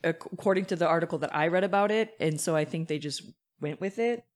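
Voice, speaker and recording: A podcast panelist chatting casually about a film, often hesitant and halting. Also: medium pitch. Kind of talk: casual movie-discussion chat.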